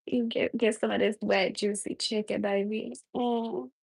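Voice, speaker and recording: A woman on a livestream putting on a fake sultry voice, soft and breathy, to joke about her cooking. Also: level tone, unhurried, no room sound. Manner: low, breathy, teasing purr. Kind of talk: joking put-on voice during a livestream.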